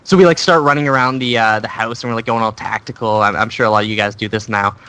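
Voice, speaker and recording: A man's voice: on the low side, fairly even intonation, fast talker, pushed and bright, smooth. A young man telling rambling anecdotes, full of fillers, during casual gameplay commentary. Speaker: gaming commentator.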